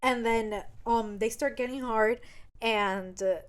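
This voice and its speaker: A woman's voice: a little high, fairly even intonation, slow. A woman co-hosting a podcast, casually retelling book scenes with quoted dialogue, swearing freely and laughing often. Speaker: podcast co-host. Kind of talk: casual chat recapping a book.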